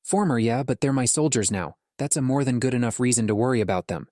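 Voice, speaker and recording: A stubborn young male commander, read by a man who speaks bluntly and refuses to budge. His voice stays at an everyday pitch in a dry, close audiobook recording. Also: quick pace, dark tone, no room sound, natural voice. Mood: defiant. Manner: blunt and defiant.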